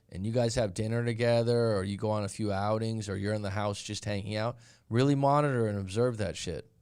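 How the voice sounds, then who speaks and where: A middle-aged man talks bluntly on a live stream, coaching listeners through dating and breakups. His voice sits in an ordinary middle pitch, and his tone stays casual and candid. He often drops into quick imitations of other people while telling stories. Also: darkish tone, clean tone.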